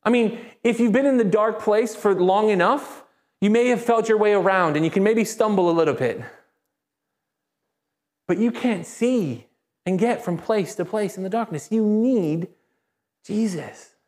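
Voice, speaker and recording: A man preaching a sermon in a lively, conversational way. He acts out quoted voices and calls on the congregation to answer him. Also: sits high, unhurried. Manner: asks the congregation for call-and-response. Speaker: pastor. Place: church service.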